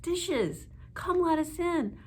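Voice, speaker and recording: A woman voicing a crowd of mischievous fairies in a storybook read-aloud, chanting in a high sing-song. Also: expressive, slow pace, exaggerated voice. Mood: bossy. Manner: chanting, wheedling.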